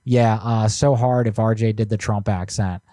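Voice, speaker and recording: Guy on a prank call stream goofing around reading viewer tips, lowish mellow voice. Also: steady tone, moderate pace, dry recording. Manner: joking, loose, reading out viewer submissions. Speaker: prank call show co-host. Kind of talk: casual live-stream chat.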